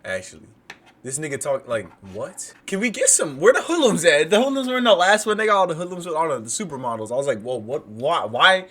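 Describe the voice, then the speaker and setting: Male streamer, lively up-and-down delivery, slightly higher voice, mocking, jokey reaction commentary. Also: quick pace. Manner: joking, mocking, often laughing and trash-talking.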